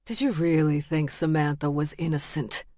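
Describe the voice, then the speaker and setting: Woman voicing a cold, quiet male killer. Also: no echo, studio quality, natural voice. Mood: cold menace. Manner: quiet, low, deliberate menace. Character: menacing male killer, cold and self-righteous.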